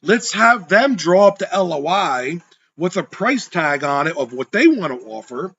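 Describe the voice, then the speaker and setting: A man's voice: high voice, a bit bright, lo-fi sound. A man hosting a real estate podcast, telling a story as a monologue and acting out both sides of a heated argument.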